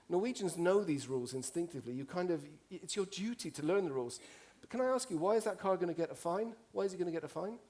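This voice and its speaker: A man from Italy, giving a humorous storytelling talk on stage, animated and joking as he acts out voices. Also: high voice. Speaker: conference speaker. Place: stage before a live audience.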